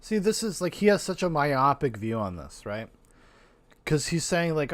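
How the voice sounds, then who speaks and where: A man hosting a podcast, casually reacting with animated, profane, rambling commentary. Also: on the high side, a little fast, no echo. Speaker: podcast host.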